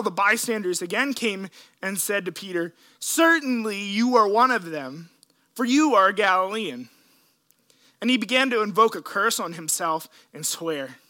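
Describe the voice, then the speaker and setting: A man preaching a sermon, retelling scripture in an earnest, emotional way with dramatic pauses. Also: high-pitched, sharp tone. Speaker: pastor.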